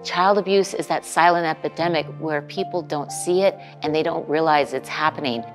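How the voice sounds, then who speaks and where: A woman's voice: sits low, moderate pace, soft background music. A woman from a charity's staff earnestly explaining its programs in an interview. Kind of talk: interview testimony.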